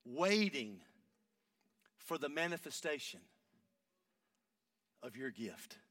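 A man's voice: mid-range voice, sing-song, slow pace, dry recording, far from the mic. Man preaching off-mic. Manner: builds from hushed storytelling to shouting. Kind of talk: sermon with a story.

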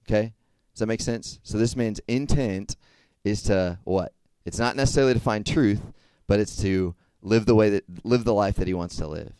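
A man's voice: on the low side, normal speed, hardly any pauses, darkish tone, clear, resonant tone, no room sound. A young man giving a casual sermon to a group, talking conversationally and checking in with frequent questions. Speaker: youth speaker.

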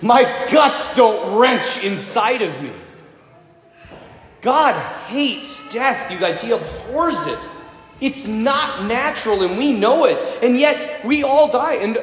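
A man, a priest, preaching a sermon in a church and telling stories with lively, animated delivery. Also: very high-pitched, takes it slowly. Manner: animated storyteller, acts out children's voices. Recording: echoey church hall with long reverb.

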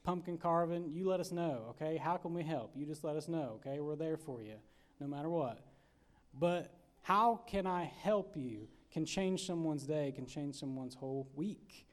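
A man's voice: fairly high pitch, normal speed, a little mellow. A man preaching a casual storytelling sermon in a church, folksy and chatty, with many fillers and acted-out asides. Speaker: pastor. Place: church sanctuary.

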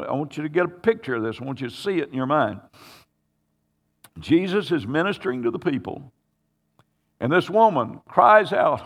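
A man's voice: a little high, gravelly, a bit bright. Preacher man in a reverberant hall. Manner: dramatic storytelling, acting out voices in the scripture. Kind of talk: sermon.

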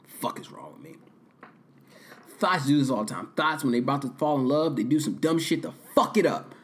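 A man hosting a podcast, recapping a movie in a rambling, profane, casual way, swinging from loud bursts to muttered asides. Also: medium pitch. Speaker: podcast host.

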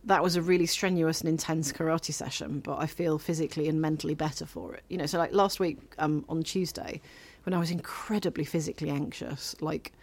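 A woman's voice: sits low, fairly even intonation, a little fast, darkish tone. A woman co-hosting a podcast, talking in a chatty, meandering, teasing way. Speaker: podcast co-host. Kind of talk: casual chat.

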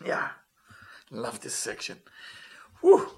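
A man teaching a Talmud story with impassioned, earnest storytelling, reading Hebrew text quickly and then retelling it in plain English. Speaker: Torah teacher.

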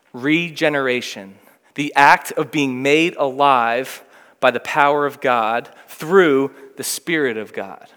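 A man's voice: medium pitch, fairly bright tone. A man preaching a sermon, reading scripture aloud and then explaining it with rising emphasis. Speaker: pastor. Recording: long reverb of a hall.

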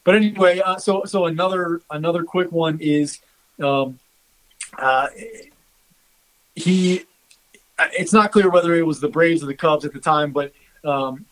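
A man in a casual sports chat, recounting anecdotes in a halting way with many fillers. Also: a little high, poor audio.

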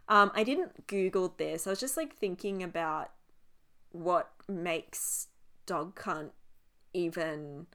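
Australian woman, podcast co-host, lively casual chat, salty language. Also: mid-range voice. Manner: animated, swears freely, laughs often.

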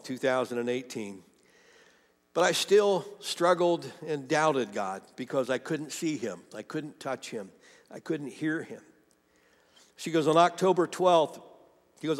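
Male pastor, mid-pitched and gravelly, animated storyteller preaching to a congregation. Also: in a large hall. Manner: animated storytelling, quoting a woman's testimony, rising to fervent appeals. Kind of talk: sermon.

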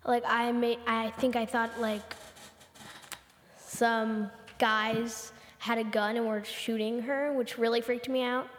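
A woman's voice: on the high side, level tone, slow pace, fairly bright tone, in a large hall. A teenage girl hosting a podcast, telling a story casually, with lots of "like" and repeated words. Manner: breathless retelling full of "like" and repeats. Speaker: podcast host.

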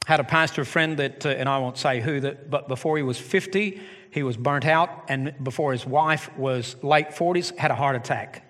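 A middle-aged man preaching a sermon as pastor of his church, animated with joking asides. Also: mid-range voice. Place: church sanctuary. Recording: long hall reverb.

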